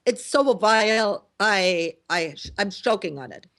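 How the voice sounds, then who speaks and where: A woman's voice: medium pitch, animated, takes it slowly, fairly bright tone. A middle-aged woman from Germany hosting a radio talk show, talking in an indignant, emphatic way with many fillers and restarts. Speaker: host.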